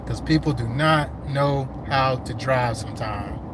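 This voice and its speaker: A man in the middle of a casual livestream, talking from inside his truck as he drives. He rambles in a loose, slangy way at an everyday mid pitch, and his voice is wearing thin. A faint hum of road noise sits under his words. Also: unhurried. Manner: rambling, laid-back, slangy talk. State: hungry and losing his voice. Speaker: landscaping business owner. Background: faint vehicle road noise.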